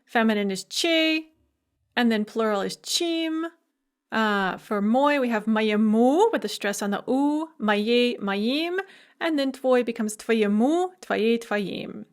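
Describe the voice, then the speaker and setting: A middle-aged woman with a slightly high voice delivers a recorded university language lecture into a close microphone. She works methodically through lists of word forms, naming each one in turn and pausing briefly between them. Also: lively intonation.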